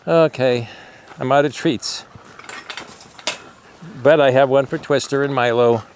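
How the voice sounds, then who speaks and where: Barking and steady noise surround a rescuer at an outdoor sanctuary as he talks affectionately to the dogs, coaxing them. His medium-pitched voice runs a little slow, and he occasionally addresses the camera with explanations.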